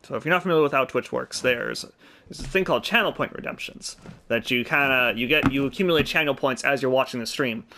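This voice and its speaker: Young male let's-play host, excitable, jokey, bright sound. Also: medium pitch, quick pace, slight background noise. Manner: excitable, jokey, swears freely. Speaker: gaming channel host. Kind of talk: casual let's-play commentary.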